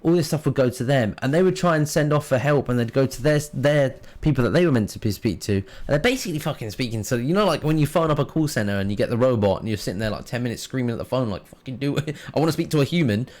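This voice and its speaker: A man's voice: medium pitch, expressive, fast talker, few pauses, darkish tone. A man hosting his own podcast, talking frankly and casually with plenty of fillers and the odd swear word. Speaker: podcast host and streamer. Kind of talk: casual solo podcast monologue.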